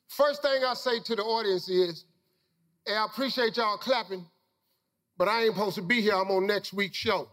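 A man's voice: sits high, moderate pace, a bit bright, big-room sound. A middle-aged man telling a personal story to a live audience, in a folksy, preacher-like manner with loose vernacular grammar. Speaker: motivational speaker.

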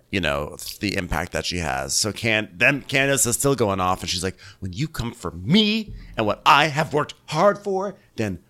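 A man co-hosting a comedy podcast, recapping a reality show with dry jokes and quick asides. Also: low voice, sharp tone, clear, resonant tone. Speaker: podcast co-host. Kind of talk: casual comedic recap chat.

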